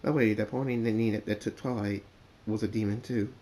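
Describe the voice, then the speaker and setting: A man voicing a polite, sly male demon pony servant who speaks calmly and stumbles over words. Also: on the low side, brisk, lightly acted. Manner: courteous, calm, stammering.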